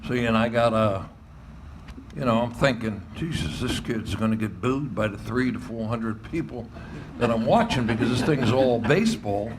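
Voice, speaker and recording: An older man, a former baseball coach telling animated stories and often laughing as he acts out quoted voices. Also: medium pitch, normal speed, background noise. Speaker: retired baseball coach and athletic director. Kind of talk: storytelling interview.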